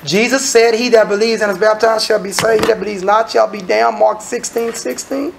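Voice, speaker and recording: A man's voice: high voice, fairly quick, vocal fry, background noise. A man preaching an evening church sermon, acting out quoted voices. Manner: animated, acts out quoted voices. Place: church sanctuary.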